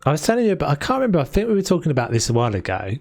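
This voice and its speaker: A man's voice: fairly high pitch, huge pitch swings, very fast, creaky, darkish tone, no echo, clean studio sound. A man from South London with a London accent, chatting casually and rambling on a live stream while he builds in a game. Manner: chatty and rambling, with frequent restarts.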